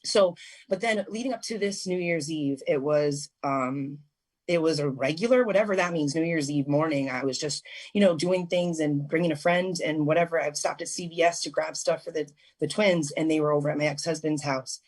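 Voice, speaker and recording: A woman's voice: low voice, normal speed, darkish tone. A young adult woman, a guest on a call-in radio interview, telling an emotional personal story in a rambling way, full of restarts and fillers.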